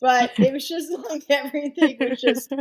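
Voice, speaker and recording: A woman's voice: high voice, moderate pace, low-quality recording. Giggly woman podcast co-host. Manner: casual, giggly, trails off mid-thought. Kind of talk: casual chat.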